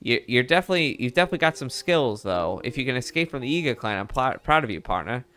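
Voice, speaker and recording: A man voicing an eager male bird news reporter with a put-on Mid-Atlantic accent, brisk and folksy. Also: medium pitch, lively intonation, pushed and bright, clean tone. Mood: chummy. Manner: brisk, folksy, keeps saying partner.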